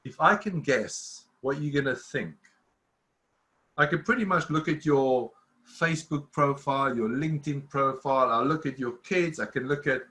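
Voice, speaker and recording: Earnest bright-voiced man in his fifties. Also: medium pitch, normal speed. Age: 50s. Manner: earnest, repetitive, restarts often. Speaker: cybersecurity speaker. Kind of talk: live presentation to an online audience.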